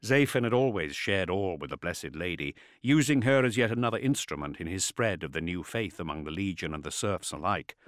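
A man reading a novel aloud as narrator, measured and expressive, sinking to a hushed intensity. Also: sits low, no echo, clean studio sound. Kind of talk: audiobook narration.

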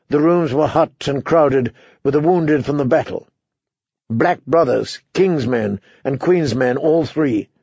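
Gravelly male audiobook narrator. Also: medium pitch, dry recording. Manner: steady storytelling, voices characters. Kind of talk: scripted narration. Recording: dry, slightly dull recording.

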